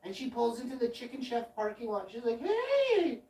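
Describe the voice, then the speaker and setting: A man's voice: very high voice, fairly even intonation, quick pace, warm tone. A man hosting a late-night livestream, telling a long anecdote in a loose, swearing, self-interrupting way. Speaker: livestream host. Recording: roomy and distant from the mic.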